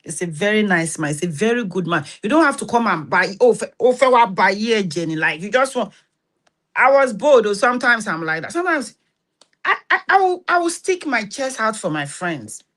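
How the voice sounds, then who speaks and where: A woman from Nigeria with a Nigerian accent, hosting an advice talk, telling stories in an animated and preachy way and acting out the dialogue. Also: mid-range voice, moderate pace. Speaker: host.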